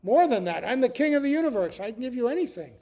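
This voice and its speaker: A man's voice: extremely high pitch, very animated, fast, dark tone, voice pushed up, heavily acted. Older man putting on a boastful king. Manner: boastful, grand. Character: proud generous male demon king.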